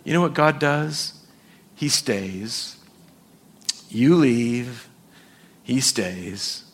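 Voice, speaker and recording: A man preaching a sermon to his church, animated and quick to act out voices and quotes. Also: lowish voice. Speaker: pastor.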